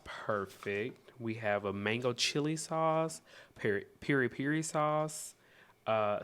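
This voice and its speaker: Animated Southern American man reviewing cookbooks. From Southern United States. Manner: animated, chatty, reads aloud and reacts with sudden high exclamations. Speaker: host. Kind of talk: casual cookbook review vlog.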